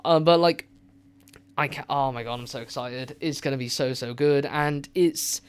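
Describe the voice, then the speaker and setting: A man hosting a movie review radio show, chatting casually and excitedly with lots of filler words. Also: mid-range voice, normal speed, smooth.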